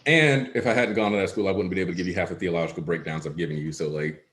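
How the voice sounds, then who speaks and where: A man hosting a casual chat, relaxed and joking as he rambles through a story. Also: deep voice, very fast, slight background noise. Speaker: podcast host. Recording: echoey room.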